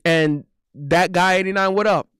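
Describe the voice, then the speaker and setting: A young man hosts a live stream on a close desk mic, his high-pitched voice fairly bright and clean in a dry recording, at moderate pace. He chats casually in a loose, repetitive, slangy way, swearing and saying "bro" a lot.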